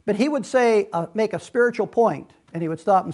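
A man's voice: very high-pitched, expressive, fast talker, hardly any pauses. A man preaching a Bible lesson in an earnest, conversational way, often restarting his sentences and adding asides. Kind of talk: sermon-style Bible teaching.

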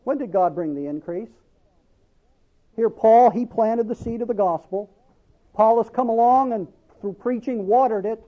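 A man's voice: high-pitched, animated, moderate pace, dark tone, muffled recording. A male pastor preaching a sermon, asking the congregation questions and drawing out scripture quotes for emphasis.

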